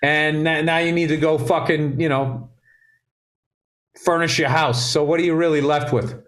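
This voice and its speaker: A man co-hosting a casual comedy podcast, profane and rambling, with sudden excited bursts. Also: fairly high pitch, moderate pace. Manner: profane, ranting, rambling asides; loose and jokey, with bursts of excited speech. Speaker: comedian co-host.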